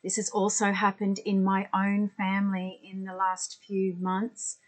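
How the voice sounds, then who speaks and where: A woman leading a guided tapping session as an energy healer, speaking gently and soothingly with pauses. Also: mid-range voice, completely flat delivery, poor audio.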